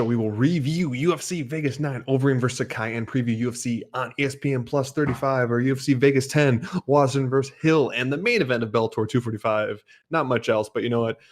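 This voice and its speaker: A man hosting a live sports betting podcast, upbeat and rambling, poking fun at himself. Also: medium pitch. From Dutch heritage. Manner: upbeat, self-mocking, rambling. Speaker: podcast host.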